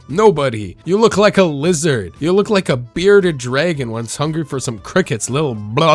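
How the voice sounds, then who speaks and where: A man riffing through comedic reaction commentary, mock-outraged and joking. His pitch swings widely as he talks. The sound is close and dry. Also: expressive, normal speed, few pauses, dry recording, faint music behind.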